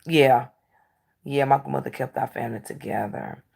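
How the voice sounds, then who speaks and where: A woman talk show host telling stories in casual chat, blunt and candid, swinging between animated outbursts and hushed asides. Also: rumbling low, moderate pace, gravelly, breathy edge.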